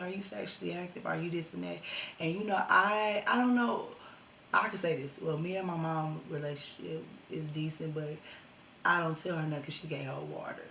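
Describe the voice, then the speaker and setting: A young woman telling a casual storytime vlog to her viewers, animated and slangy. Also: deep voice, gravelly, reverberant, a little hiss or hum.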